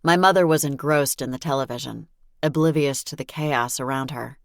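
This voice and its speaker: Very low-voiced woman narrating dryly. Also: moderate pace, gravelly, no room sound, studio quality. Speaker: audiobook narrator. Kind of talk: first-person scripted narration.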